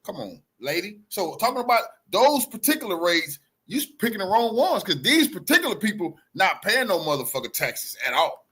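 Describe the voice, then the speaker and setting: A man co-hosting a live stream, delivering loud, profane, heated commentary straight at the viewers. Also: high-pitched, very animated, brisk, few pauses, husky. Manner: loud profane ranting, addresses viewers directly. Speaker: co-host.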